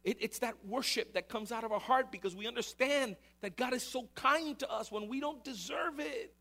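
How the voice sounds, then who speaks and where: A man's voice: very high voice, moderate pace, pushed and bright. A man preaching a sermon, emphatic and repetitive, posing rhetorical questions to the congregation. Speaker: pastor.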